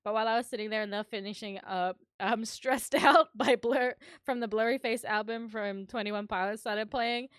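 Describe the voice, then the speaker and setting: A fairly high-voiced woman chatting from her home streaming setup, recounting stories at an easy, rambling pace. She giggles often and fills her pauses with ums. The sound is dry and close, with no room around it. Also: fairly even intonation, smooth, dry recording. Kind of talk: casual storytelling to chat.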